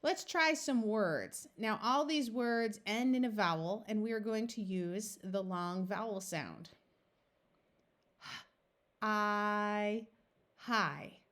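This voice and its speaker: A woman's voice: medium pitch, lively intonation, a little slow, few pauses, fairly bright tone. A woman reading tutor teaching a phonics lesson, patiently sounding out letters and words one by one.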